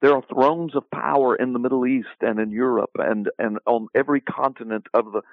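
A man teaches about the Bible in a preaching-style interview answer, speaking a little fast with vocal fry in a mid-range, fairly even voice. He's emphatic and repetitive, building long lists as he goes. The audio sounds like a phone line and is dry.

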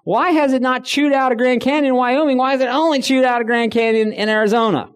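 A man's voice: very high-pitched, steady tone, fast, clean tone. A middle-aged man giving a conversational talk to a room, telling stories and acting out the people he quotes. He says he is tired. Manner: conversational storytelling, acts out quoted voices. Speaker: speaker.

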